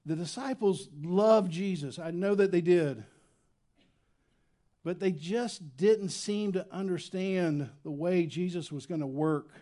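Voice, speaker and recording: A man preaching a sermon as pastor, swinging between loud emphatic lines and quiet, low asides. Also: slow pace. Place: church sanctuary.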